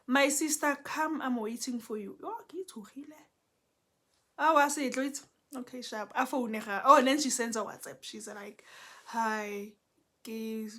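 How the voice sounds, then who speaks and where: A young South African woman, a Setswana speaker, telling a story in a casual, animated way with lots of code-switching. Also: a little high.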